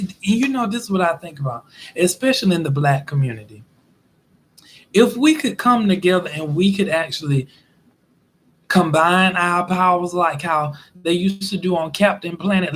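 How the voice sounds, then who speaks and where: A man vlogging in casual commentary, telling stories in an animated way and acting out quotes as he goes. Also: high voice. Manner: animated storytelling with acted-out quotes.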